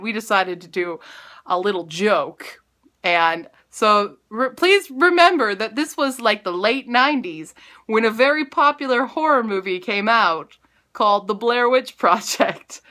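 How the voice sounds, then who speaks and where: A woman vlogger in her late twenties or thirties, telling a story in a casual, animated, self-mocking way, her pitch jumping up for emphasis.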